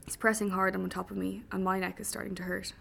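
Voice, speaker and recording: Woman reading a story out loud, wry and dry, bit of vocal fry. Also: mid-range voice, flat delivery, quick pace, a little hiss or hum. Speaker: audiobook narrator. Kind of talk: first-person story narration.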